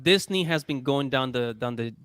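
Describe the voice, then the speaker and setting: A man's voice: medium pitch, clean tone, no room sound. A man hosting a casual gaming and pop culture chat, talking with many fillers and restarts. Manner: animated, halting with fillers. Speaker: podcast host.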